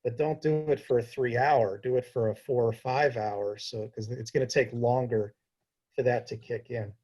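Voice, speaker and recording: A man answering questions as a diabetes educator on a video call, explaining in a measured way. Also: medium pitch, fairly even intonation, warm tone, slightly rough, poor audio. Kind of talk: informal Q&A talk.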